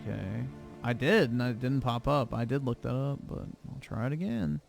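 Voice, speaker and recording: A man's voice: mid-range voice, moderate pace, creaky. Blunt, casual male livestream host. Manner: offhand and blunt, swears casually. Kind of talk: casual livestream chat, reading viewer donations aloud. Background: music playing under the voice.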